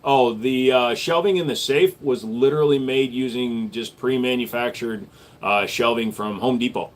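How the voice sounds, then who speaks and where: A man's voice: medium pitch, moderate pace. A man hosting a live stream, answering viewer questions in a blunt, matter-of-fact way. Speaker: live stream host and gun store owner.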